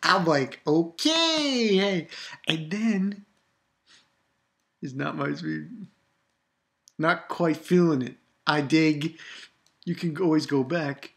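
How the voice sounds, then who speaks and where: A woman giving a casual, excitable manga review, laughing often and acting out lines. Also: low-pitched, slow, vocal fry, long pauses.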